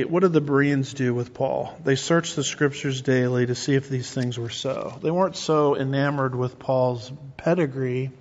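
A middle-aged man preaching emphatically, asking rhetorical questions and restarting his phrases. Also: mid-range voice. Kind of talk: sermon-style teaching. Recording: muffled recording with long reverb.

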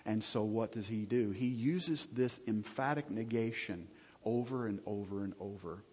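This fairly low, slightly mellow male voice belongs to a pastor preaching at a moderate pace. He chats with his congregation, cracks jokes, and often checks in with questions for the audience. The recording is lo-fi and dull, with a husky tone and a long hall echo.

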